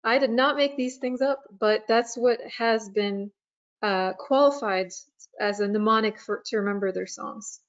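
Woman, webinar presenter, slow and halting, many ums, fairly high voice, dull lo-fi computer audio. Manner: slow, hesitant, many fillers. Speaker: nature preserve staff presenter.

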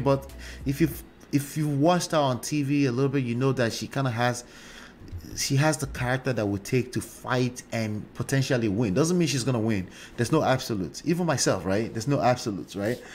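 A man of middle pitch holds forth in a loose, conversational monologue as host of a relationship commentary show. He pads his points with fillers and keeps checking in with "right?". A faint noise sits under the recording.

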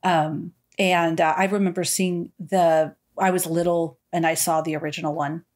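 A woman co-hosting a podcast, ranting in an animated, exasperated way and mimicking what others said. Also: on the low side, normal speed. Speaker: podcast co-host. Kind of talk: casual chat.

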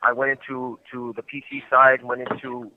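A man's voice: medium pitch, little pitch movement, normal speed, a little hiss or hum. A man calling from prison, telling a long story in a loose, rambling way full of fillers and laughs. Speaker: caller from prison. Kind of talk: casual storytelling on a call. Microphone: prison phone handset. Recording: tinny prison phone line.

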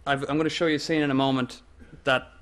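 A man with an Irish accent giving an academic lecture in a measured way, with fillers and restarts. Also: medium pitch, level tone, fairly bright tone. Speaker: guest lecturer.

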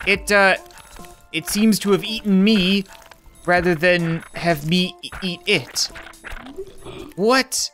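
A young man commenting while playing a video game, excitable, talking to himself and reading game text aloud. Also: high voice. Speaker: gaming channel host. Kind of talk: let's play commentary. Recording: faint music behind.

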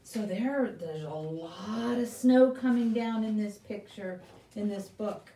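Woman, children's librarian, live story time, slow and animated, echoey room, a bit far from mic. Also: mid-range voice, a little hiss or hum. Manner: animated, questioning, sound effects and sign language for kids. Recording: roomy echo, voice from a distance.

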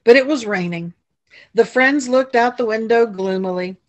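A woman librarian reading a picture book aloud at a library storytime, pausing for chatty asides to children. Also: fairly high pitch. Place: public library.

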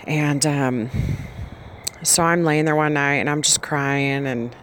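A woman's voice: low voice, fairly even intonation, takes it slowly, a bit bright, slight background noise. A pregnant woman vlogger giving an earnest, rambling personal faith testimony, often restarting her sentences.

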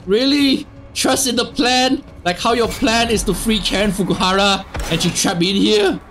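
A young man giving sarcastic let's play commentary on a horror game, swearing and yelling at jump scares. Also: high-pitched, normal speed, soft background music. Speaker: gaming YouTuber.

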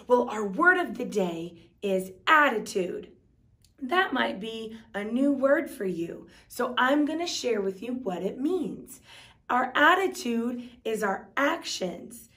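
A woman leads a preschool Sunday school class in a slow, exaggerated sing-song voice. Her voice sits somewhat high and is picked up from a little distance by the microphone. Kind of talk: children's class teaching.

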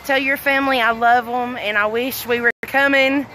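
A woman's voice: on the high side, steady tone, normal speed, pushed and bright, slight background noise, low-quality recording. A middle-aged woman from Arkansas with a Southern accent, chatting casually on a livestream outdoors, a little out of breath and reading comments aloud. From Arkansas, USA. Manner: chatty, affectionate, reads comments aloud, frequent laughs. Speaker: livestream host. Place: outdoors at a fireworks tent after a storm. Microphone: phone held at arm's length.

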